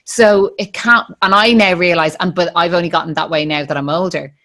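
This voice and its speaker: Lower-voiced Irish woman hosting. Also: steady tone, fairly quick, fairly bright tone. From Ireland. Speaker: podcast host. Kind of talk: casual chat.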